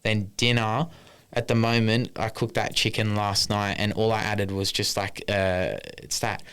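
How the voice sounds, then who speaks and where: Male podcast co-host, casual and rambling, deep smooth voice. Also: level tone, a little slow, fairly bright tone. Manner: rambling, swears casually, lists numbers. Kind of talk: casual chat.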